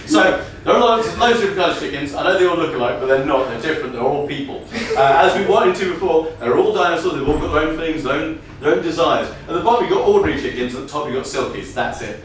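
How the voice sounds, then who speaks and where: Man, improv storyteller, animated, echoey venue, distant mic, faint noise. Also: fairly high pitch, fast, hardly any pauses. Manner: energetic, laughing, riffing on audience prompts. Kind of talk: live improvised comic storytelling. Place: comedy venue stage. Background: audience.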